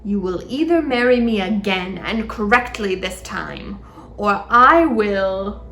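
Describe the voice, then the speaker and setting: A woman's voice: mid-range voice, animated, takes it slowly, pushed and bright, reverberant, faint music behind, full character voice. A woman voicing a menacing, scheming male villain count, threatening and roaring.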